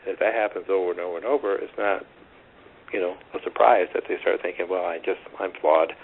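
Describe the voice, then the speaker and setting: Deep, gravelly man on a phone line. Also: fairly even intonation, fast talker. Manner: earnest, rambling with restarts. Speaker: tennis coach. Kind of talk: storytelling in a phone interview. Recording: tinny phone line with faint hiss.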